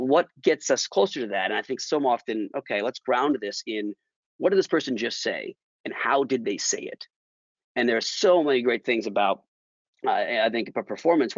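A man's voice: mid-range voice, vocal fry, dry recording, muffled recording. A man as a podcast guest, speaking thoughtfully and emphatically with many restarts. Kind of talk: casual conversational interview.

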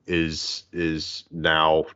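Low-voiced rambling man in casual chat. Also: very slow, clean tone, dull audio. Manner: rambling, animated, acts out quotes in voices. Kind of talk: casual podcast discussion.

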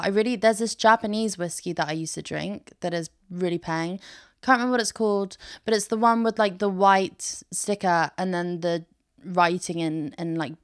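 A woman's voice: lowish voice, fairly bright tone, smooth, no echo, clean studio sound. A young British woman in her twenties hosting a podcast, chatting in a rambling, bubbly way with lots of "like". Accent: British English. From Britain. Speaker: podcast host. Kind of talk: casual chatty monologue.

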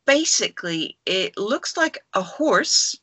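A woman's voice: mid-range voice, very animated, slow, sharp tone, husky, no echo. A woman co-hosting a casual podcast over a video call, rambling enthusiastically through a creature legend with many fillers. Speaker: podcast co-host. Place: at home.

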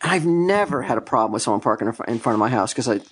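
A man's voice: medium pitch, expressive, rapid-fire, slightly rough. A man hosting a casual chat, telling profane stories and laughing often.

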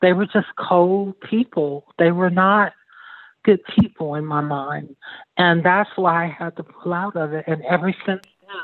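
A woman's voice: on the low side, a little slow, no echo. Earnest woman on a tinny phone line. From Baltimore, United States. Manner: earnest, rambling, repeats and restarts often. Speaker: interview guest. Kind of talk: phone interview, personal account.

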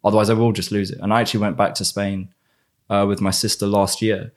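A man's voice: fairly low pitch, level tone, quick pace. A young British man with a British accent, chatting casually and reflectively. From Britain. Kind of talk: casual chat.

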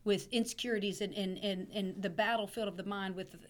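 A woman pastor talks on a podcast with a voice made hoarse by laryngitis. She teaches in a loose, chatty way, repeating words and clearing her throat. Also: medium pitch, steady tone, fairly quick. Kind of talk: casual teaching chat.

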